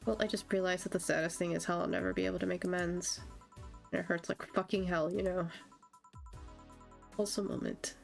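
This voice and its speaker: A woman reads out a guarded young woman tending bar in a game, speaking low-key and earnest. The voice stays plain and even, with soft background music. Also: a little fast, creaky, pauses often. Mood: resolved. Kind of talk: reading game dialogue aloud.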